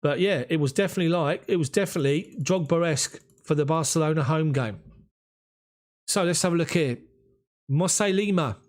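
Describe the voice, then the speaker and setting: A man's voice: on the high side, normal speed. A man with a London accent hosting a live football watch-along, chatting and thanking viewers by name as he reads their comments. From England. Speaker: football fan channel host.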